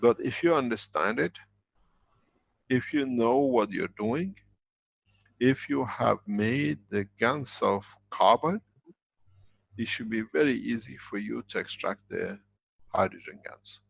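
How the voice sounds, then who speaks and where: A man's voice: medium pitch, animated, takes it slowly, vocal fry, pauses often, dry recording, highs cut off. A man answering questions in a live online teaching session, explaining at length with emphatic, rambling sentences.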